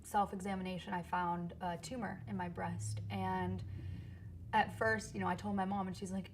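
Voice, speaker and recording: A woman singer-songwriter chatting as an interview guest, lively and quick to laugh, recorded in a theater. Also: on the low side, a little hiss or hum. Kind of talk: casual interview chat. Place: theater stage.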